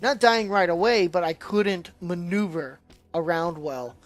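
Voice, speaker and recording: A man's voice: high-pitched, unhurried, soft background music. A man giving a casual, rambling spoken review of a video game, often trailing off and restarting his sentences.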